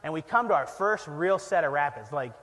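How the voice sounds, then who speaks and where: A man preaching, telling a self-deprecating story with lively energy and frequent laughter. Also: fairly high pitch, a little fast, in a large hall. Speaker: pastor. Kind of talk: storytelling sermon. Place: church.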